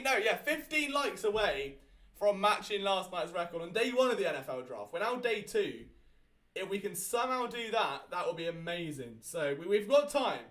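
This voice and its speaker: A man with a British accent hosting a live sports draft watchalong, chatty and excitable, often correcting himself mid-thought. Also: high voice. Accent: British English. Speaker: host.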